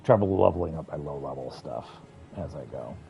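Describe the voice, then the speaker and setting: A man streams a video game, rambling casually and thinking aloud as he plays. His rumbling low voice is animated, creaky and mellow, a little fast. The recording is muffled, with soft background music.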